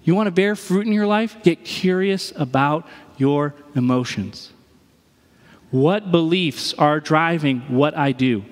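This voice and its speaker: Man, pastor, sermon, high-pitched, expressive, long echo. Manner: expressive, acts out everyday scenes in different voices.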